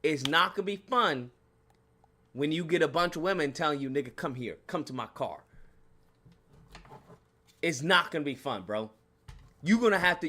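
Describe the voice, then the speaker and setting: A man hosting his channel, telling a profane, animated story in a casual rant, laughing and acting out his own reactions. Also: fairly high pitch. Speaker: channel host.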